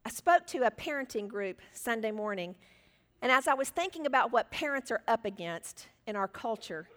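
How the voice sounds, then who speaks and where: A woman in her sixties teaching a Bible study, earnest and animated, laughing now and then. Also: mid-range voice, in a large hall.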